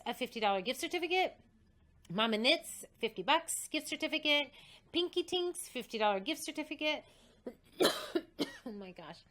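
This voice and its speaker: Excited woman, coughing and breathless. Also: high-pitched. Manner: excited, reading a list aloud. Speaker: host. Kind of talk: casual livestream announcement.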